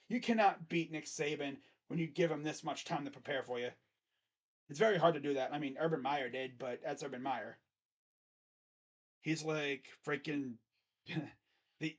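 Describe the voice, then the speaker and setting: A man hosting his own channel, giving casual sports predictions in a rambling, self-correcting way. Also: fairly high pitch. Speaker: host. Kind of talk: casual sports picks commentary.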